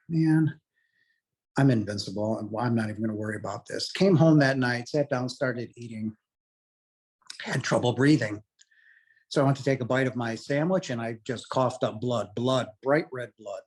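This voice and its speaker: A middle-aged man with a husky, slightly breathy voice, pitched at an ordinary level for a man. He tells his own story as an interview guest, earnest and rambling, leaning on "you know" again and again. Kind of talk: candid personal storytelling.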